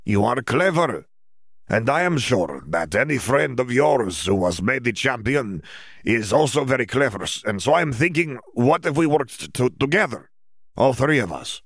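A man voicing an earnest young wizard student, formal and halting. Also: mid-range voice, very animated, a bit bright, dry recording, clean studio sound, pitched above the performer's own voice. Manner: stiff, formal non-native phrasing with hesitations. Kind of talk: audiobook character voice.

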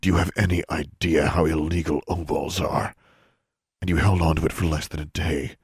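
A man voicing a mocking, menacing young man with a low, growling, derisive manner in an audiobook. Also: little pitch movement, normal speed, slightly rough, dry recording, studio quality, exaggerated voice. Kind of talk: audiobook character voice.

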